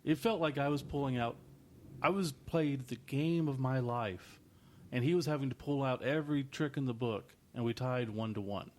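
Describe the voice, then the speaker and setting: A man's voice: mid-range voice, normal speed. An easygoing man co-hosting a podcast, recounting anecdotes in casual chat. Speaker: podcast co-host.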